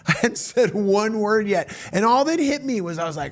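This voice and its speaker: A man in his fifties, a comedian hosting his own show, telling stories in an animated monologue and acting out the voices of people in them. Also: high-pitched, moderate pace. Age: 50s. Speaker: comedian host. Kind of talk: storytelling monologue.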